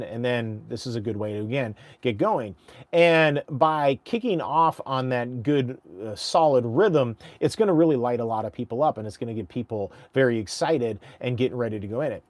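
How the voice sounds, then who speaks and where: Energetic male auctioneer teaching his chant. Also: mid-range voice, dry recording. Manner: breaks into rapid rhythmic auction chant and tongue twisters; energetic, conversational, frequent restarts. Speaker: auctioneer and instructor. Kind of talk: casual teaching with chant demos.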